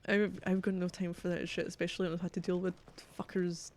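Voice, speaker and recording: A woman's voice: lowish voice, level tone, fast talker, a little mellow, a little hiss or hum. A woman streaming a video game, chatting bluntly and casually with plenty of swearing. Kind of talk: casual livestream commentary.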